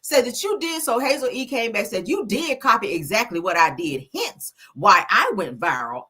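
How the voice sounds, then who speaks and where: Speaking through a streaming desk mic in a slightly rough, medium-pitched voice, a commentary channel host reads gossip posts aloud. She's sassy and animated, tossing in asides such as "girl" and "child."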